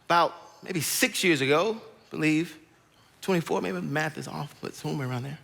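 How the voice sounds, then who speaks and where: A man's voice: a little high, fairly quick, vocal fry, fairly bright tone. A man in his thirties, a guest pastor, telling a personal story in a sermon and acting out his family members' voices. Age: 30s. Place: church auditorium stage. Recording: long reverb from a large auditorium.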